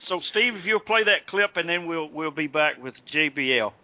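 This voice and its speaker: A man's voice: fairly high pitch, animated, moderate pace, dry recording. A man with a Southern US accent hosting a radio show, telling rambling stories with lots of fillers. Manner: rambling, storytelling with many fillers. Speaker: podcast host. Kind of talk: casual radio chat. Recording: dry tinny phone-quality line.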